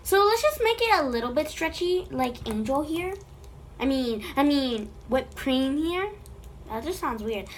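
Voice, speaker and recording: High-voiced woman playfully talking to slime. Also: expressive, a little slow, slight background noise. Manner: playful, chatting to the slime as if it were alive. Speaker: slime video creator. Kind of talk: casual slime-making vlog. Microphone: phone.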